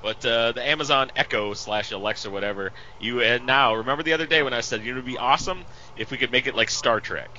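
A man's voice: mid-range voice, fast talker, sharp tone. A man in a casual podcast chat, explaining things in a rambling way full of fillers. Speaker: podcast co-host. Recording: dull lo-fi sound with faint hiss.

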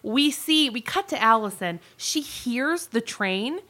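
A woman co-hosting a podcast, recapping a movie in casual, animated chat full of "like". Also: on the high side, takes it slowly. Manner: animated storytelling, frequent "like", laughs easily. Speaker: podcast co-host.

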